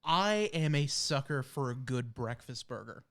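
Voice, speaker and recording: A man's voice: mid-range voice, expressive, measured pace, a bit bright. A man co-hosting a casual podcast, speaking in an easygoing way with hesitant fillers. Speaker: podcast co-host. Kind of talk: casual chat.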